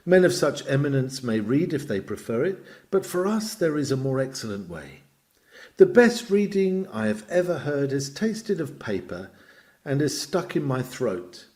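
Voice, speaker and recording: A man reading aloud a Victorian lecture on preaching, with expressive emphasis that swells and drops. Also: medium pitch, moderate pace. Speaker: reader.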